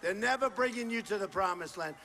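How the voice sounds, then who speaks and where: A man giving a campaign rally speech, punchy and repetitive and boastful, often shouting to the crowd through a stage microphone in a large indoor venue. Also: sits high, brisk. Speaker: political candidate. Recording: long hall reverb with faint crowd noise.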